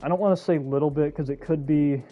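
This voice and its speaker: Excitable man streaming a game. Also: a little high, quick pace, highs cut off, faint music behind. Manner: chatty and excitable, talks to chat. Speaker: gaming streamer. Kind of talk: casual live gameplay stream.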